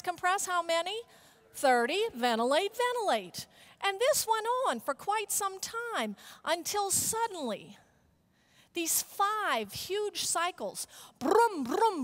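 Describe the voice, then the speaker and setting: Middle-aged woman, high voice, energetic keynote speaker with audience chants. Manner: animated storyteller, leads call-and-response chants. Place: conference hall stage.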